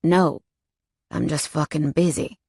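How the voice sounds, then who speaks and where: A woman voicing a cocky, flirtatious male biker who teases with a slow drawl. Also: low voice, steady tone, dark tone, slightly rough, dry recording, clean studio sound. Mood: gruff. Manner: teasing drawl, calls her sugar.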